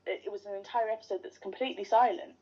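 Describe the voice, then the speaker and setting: A woman's voice: medium pitch, steady tone, very fast, mellow, breathy edge. A woman guest on a podcast, chatting casually and enthusiastically like a fan. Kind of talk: casual interview chat. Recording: dull lo-fi sound.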